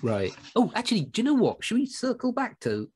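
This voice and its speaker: A man's voice: very high voice, wildly swooping pitch, a little fast, darkish tone, slightly rough. A man co-hosting a podcast, rambling and joking in casual chat with frequent laughs. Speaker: podcast co-host.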